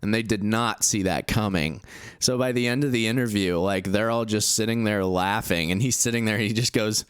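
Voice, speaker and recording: A young man co-hosting a podcast, telling stories in a casual, animated way. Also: on the low side, normal speed, smooth, no echo, studio quality. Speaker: podcast co-host. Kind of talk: casual chat.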